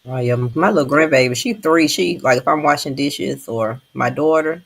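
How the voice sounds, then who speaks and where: Gravelly older woman storyteller. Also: low voice, moderate pace. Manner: animated storytelling with voiced quotes. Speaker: panelist. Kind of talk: casual chat.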